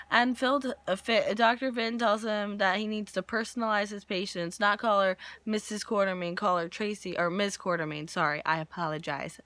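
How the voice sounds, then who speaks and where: A woman in her twenties casually recapping a soap opera episode, animated and jokey, acting out characters' lines while losing her voice. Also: mid-range voice, moderate pace, no room sound. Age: 20s.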